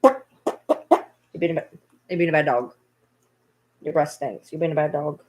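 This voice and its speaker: A woman's voice: low voice, unhurried, darkish tone, a little hiss or hum. A woman vlogging casually at home, playfully scolding her dogs in a baby-talk tone. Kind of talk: casual vlog chat.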